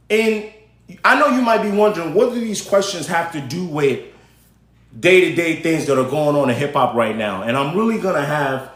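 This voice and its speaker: A man's voice: a little high, fairly bright tone. A man hosting a live stream, chatting casually and directly to his viewers as he gives commentary. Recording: roomy echo.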